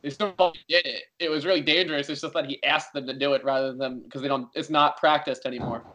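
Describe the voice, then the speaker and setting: A young man chats on a casual podcast and is keen to explain what he knows. His voice sits a little higher than most men's. He talks in loose, everyday banter. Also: steady tone, fast talker, sharp tone. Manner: chatty, eager to explain. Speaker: podcast co-host.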